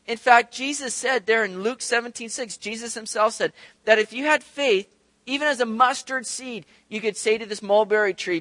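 A male pastor preaching with a light, high voice and a bright, forward tone. He talks to his listeners in a conversational way, throwing out rhetorical questions and slipping into the voices of the people he quotes. The recording is close and dry. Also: moderate pace, no room sound. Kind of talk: sermon.

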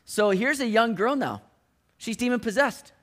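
A man's voice: very high voice, animated, moderate pace. A man preaching a sermon in a casual, conversational way, often restarting his phrases and dropping in modern slang.

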